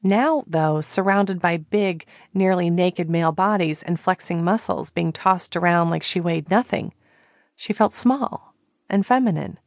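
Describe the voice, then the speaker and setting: A woman reads a novel aloud at a slow, deliberate pace in a fairly low voice. The sound is dry and close, with no room around it. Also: no room sound. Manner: slow, even storytelling. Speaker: audiobook narrator. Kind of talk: scripted narration.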